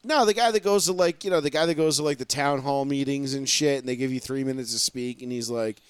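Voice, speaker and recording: A young man hosting a casual sports podcast, cracking quick, profane jokes and doing impressions of people. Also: mid-range voice, clean tone, dry recording. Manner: quick, joking, profane asides. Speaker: podcast host.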